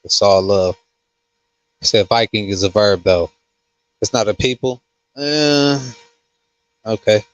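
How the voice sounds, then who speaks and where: A man who hosts a casual livestream and reads comments, talking slowly with many fillers and restarts. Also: on the low side, no room sound, lo-fi sound. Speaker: host.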